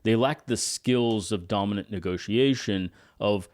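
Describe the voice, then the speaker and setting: Man, podcast co-host, low voice, frank and opinionated, dry close mic. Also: unhurried, few pauses, a little mellow, no echo. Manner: frank and opinionated, often adds "right?". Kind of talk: casual conversational podcast.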